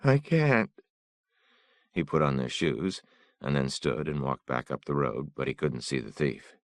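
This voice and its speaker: A man narrating an audiobook in a measured, somber manner. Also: extremely low pitch, fairly even intonation, vocal fry, no echo, clean studio sound.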